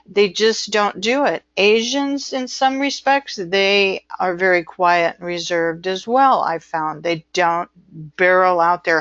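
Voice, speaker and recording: A woman's voice: fairly low pitch, fairly even intonation, unhurried, a bit bright, dry recording. A woman giving an informal, digressive lecture as a medical transcription instructor, chatty and prone to acting out quoted voices. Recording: dull lo-fi dry recording.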